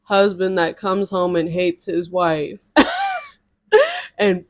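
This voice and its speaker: Chatty young woman with a low voice. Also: takes it slowly. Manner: animated, chatty, lots of filler "like". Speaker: vlogger. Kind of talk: casual storytime chat.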